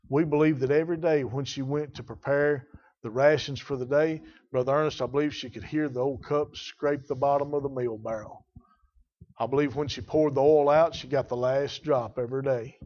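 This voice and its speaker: A man preaching a Baptist sermon, telling stories in a folksy way that drops to a hush and rises to a shout. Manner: folksy storytelling, swinging from hushed to booming. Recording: dull lo-fi recording.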